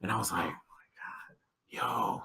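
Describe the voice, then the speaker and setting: A man's voice: mid-range voice, fast, noisy background. A young man, a pro wrestler guest on a podcast, telling a story in casual chat, laughing often and acting out the lines of others. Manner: animated, acts out quoted dialogue in changing voices.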